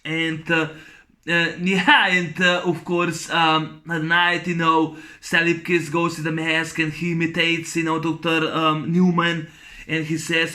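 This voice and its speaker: A man's voice: fairly high pitch, fairly even intonation, unhurried, sharp tone. A man giving a casual, rambling spoken film review. He is enthusiastic, halts over fillers and restarts, and laughs often as he retells scenes. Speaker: movie reviewer.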